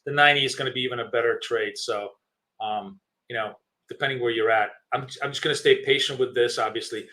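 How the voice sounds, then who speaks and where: A man's voice: mid-range voice, bright, forceful tone. A man hosting a live trading stream, thinking aloud with many fillers and restarts while chewing gum.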